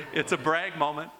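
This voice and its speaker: Older male preacher, lively swings from raised to hushed, very expressive pitch. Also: heavy background noise. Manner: animated, swinging between raised and hushed delivery. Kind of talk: sermon with personal storytelling.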